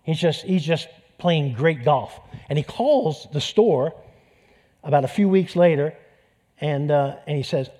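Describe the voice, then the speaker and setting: Storytelling male pastor, fairly high voice. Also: animated, a little slow, dark tone. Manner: conversational, storytelling with restarts. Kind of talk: sermon with personal stories.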